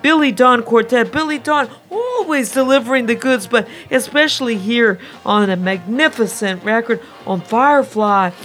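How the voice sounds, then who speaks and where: A woman presenting records on a radio music show, talking with enthusiastic, gushing, drawn-out emphasis. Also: a little high, animated, fairly bright tone.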